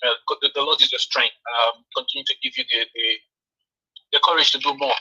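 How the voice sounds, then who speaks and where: A man's voice: medium pitch, steady tone, a little fast, sharp tone, husky, dull audio. A man calling in to a talk show, hesitant, with many fillers and restarts. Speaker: caller. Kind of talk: call-in comment.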